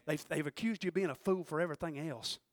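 High-voiced preacher, loud and soft. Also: male voice, fast talker, no room sound. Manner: swings from loud shouting to quiet, low intensity; preaches with call-and-response asides to the congregation. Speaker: pastor. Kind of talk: sermon.

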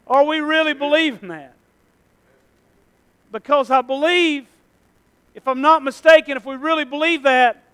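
A man's voice: extremely high pitch, sharp tone. A man preaching a sermon to a congregation, impassioned, often repeating phrases for emphasis. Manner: impassioned preaching, rising and falling in intensity. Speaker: pastor.

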